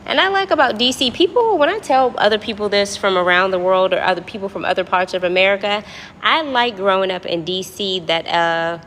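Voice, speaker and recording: A woman's voice: fairly low pitch, a bit bright, slight background noise. A woman from Washington, D.C. with a D.C. accent, rambling and joking with viewers in a casual livestream chat. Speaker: livestream host. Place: apartment lobby.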